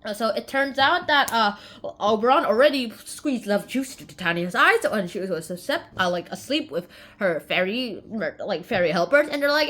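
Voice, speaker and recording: A young woman rambles through a casual summary, chatty and often correcting herself. Her voice is high and bright, and it bounces all over. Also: expressive, moderate pace. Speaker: video host summarizing a play.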